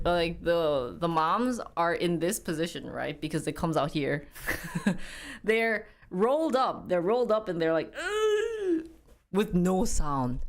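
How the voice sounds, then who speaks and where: Chatting casually with viewers, a young woman streamer tells an animated story, suddenly jumping in pitch as she acts out quotes.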